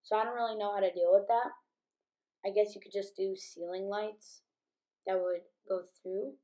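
A woman giving casual game commentary as a gaming YouTuber, chatty and filling pauses with um and like, sleepy from just waking up. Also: medium pitch, steady tone, dark tone. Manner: chatty, many ums and likes.

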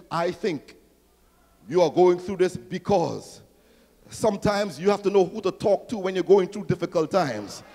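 A male pastor delivers a rousing sermon, rising toward near-shouts and throwing questions to his congregation. His voice sits high for a man. It rings out with the long reverb of a large church hall. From Trinidad and Tobago. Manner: rousing preaching, swells to near-shouting, call-and-response questions.

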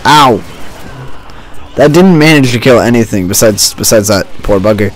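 A man with a fairly low voice talks through his gameplay in a loose, joking, sarcastic way. He records at home on a desk mic wrapped in a makeshift pop filter. Faint game noise sits behind him. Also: moderate pace. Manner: joking, sarcastic running commentary. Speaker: gaming channel host. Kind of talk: let's-play commentary. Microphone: home desk mic with a homemade pantyhose pop filter.

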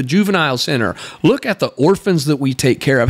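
A man's voice: on the high side, animated, brisk, few pauses. A man hosting a podcast, responding to a video in a sarcastic, exasperated commentary and laughing between points. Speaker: podcast host.

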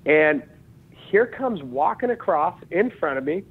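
Unhurried and slightly rough, with a fairly high pitch, this voice belongs to a Utah jiu-jitsu and wrestling coach in his thirties. As a podcast guest on a tinny, phone-like line, he tells lively stories in casual conversation, acting out dialogue and laughing often.

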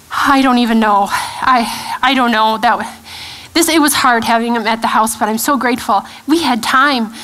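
Earnest woman giving a halting testimony. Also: on the high side, a bit bright, low-quality recording. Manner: earnest, halting, with frequent restarts and fillers. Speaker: guest speaker. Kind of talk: personal testimony talk. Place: church event hall.

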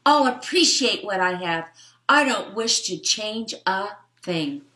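A woman voicing a male fly trapped in a vacuum cleaner, talking in a slow, melodramatic, mournful way while reading a storybook aloud. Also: medium pitch, animated, pushed and bright. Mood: resigned.

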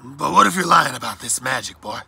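A man's voice: medium pitch, expressive, fairly quick, vocal fry, sharp tone, exaggerated voice. A man voicing Blackbird, a brash, talkative male pirate who chatters eagerly. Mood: doubting.

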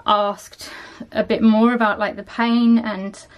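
A woman's voice: fairly high pitch, level tone, slow pace, clean tone, muffled recording. Tired, rambling young woman. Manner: chatty, rambling, lots of ums and likes. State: tired and sluggish. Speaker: vlogger. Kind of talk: casual chat.

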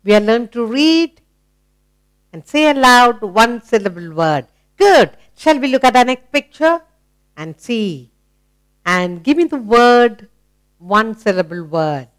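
Woman with an Indian English accent, children's phonics teacher, unhurried and very dry close sound. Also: fairly high pitch, animated, clean tone, no echo. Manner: asks questions and praises the listener; sounds out letters slowly.

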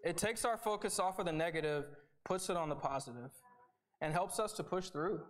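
A young man preaching a sermon in an easygoing, conversational way. His voice sits fairly high for a man, and he sounds earnest as he talks to the congregation. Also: brisk. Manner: conversational, earnest, with repeated starts and "right?" asides.

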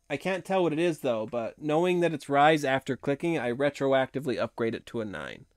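A hoarse man hosting a casual live stream, chatting in a rambling way and laughing often. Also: medium pitch, no echo, studio quality. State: hoarse from long talking.

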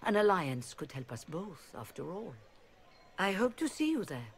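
A woman's voice: fairly low pitch, very animated, moderate pace, breathy edge, full character voice. An actress voicing a proud, middle-aged female leader of rebel mages in a video game, speaking formally and persuasively.

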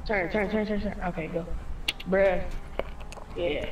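A player in casual gaming banter over voice chat, giving quick directions and tips. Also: medium pitch, fairly even intonation, highs cut off. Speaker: gamer on voice chat. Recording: distant mic with faint noise.

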